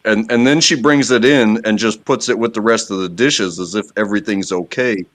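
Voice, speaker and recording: A man with a lowish voice who chats on a group call. He rambles through funny stories with plenty of fillers and lands dry punchlines. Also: moderate pace, fairly bright tone. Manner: rambling storyteller with dry jokes. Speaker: panelist. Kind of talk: casual chat.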